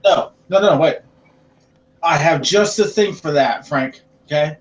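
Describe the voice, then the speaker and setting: A man's voice: on the high side, unhurried, echoey room. A man guest on a podcast, emphatic and playfully showy in casual chat. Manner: emphatic, showman-like. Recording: distant lo-fi mic.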